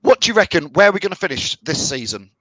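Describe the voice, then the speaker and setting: A man's voice: high-pitched, big pitch swings, fast talker, a bit bright, dry recording, poor audio. A middle-aged man from the of England hosting a fan live stream, chatting and reading out viewer comments. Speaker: fan channel host.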